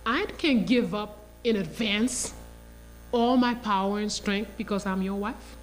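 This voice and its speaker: A woman voicing a young woman who calmly and firmly sets her conditions in a soft, measured voice. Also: medium pitch, soft background music, lightly acted. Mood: reasoning. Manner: quiet, measured, resolute. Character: calm, firm young woman setting terms.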